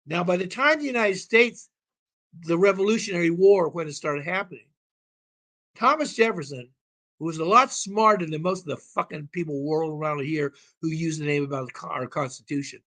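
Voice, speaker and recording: A man's voice: a little high, a little fast, bright, forceful tone. A man talking as a call-in show guest, explaining at length in an emphatic, rambling way and swearing now and then. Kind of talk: casual explanatory talk.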